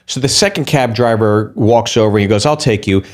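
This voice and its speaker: A man, a guest comedian, telling a story in lively podcast chat, restarting quickly and acting out quotes. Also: lowish voice.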